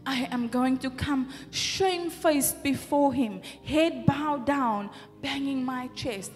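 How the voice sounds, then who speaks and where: A woman's voice: high voice, measured pace, hardly any pauses. A woman pastor with a South African accent, preaching a fervent sermon full of rhetorical questions in a church hall. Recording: reverberant hall with faint music.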